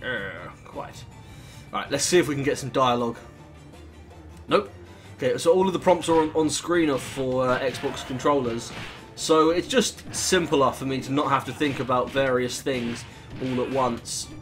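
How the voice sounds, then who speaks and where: A man's voice: mid-range voice, moderate pace, faint music behind. A British man rambling casually through let's play commentary, with lots of fillers and the odd swear. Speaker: gaming channel host.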